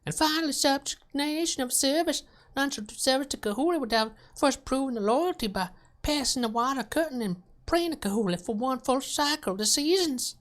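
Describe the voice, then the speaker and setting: A woman voicing a male temple prelate reciting sacred rules in a measured, formal way. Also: sits high, expressive.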